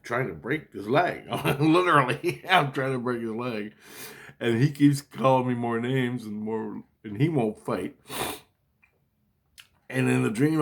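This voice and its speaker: A man telling a story in a rambling, casual monologue, agitated and profane, often restarting his sentences. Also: mid-range voice. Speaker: vlogger recounting a dream.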